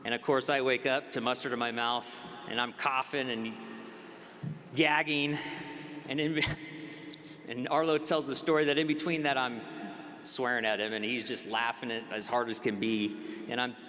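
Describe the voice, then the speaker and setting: A man's voice: mid-range voice, level tone, normal speed, pushed and bright. Earnest man giving a eulogy in a hall. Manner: earnest, personal storytelling. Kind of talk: funeral eulogy. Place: large funeral hall. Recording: long hall reverb, faint noise.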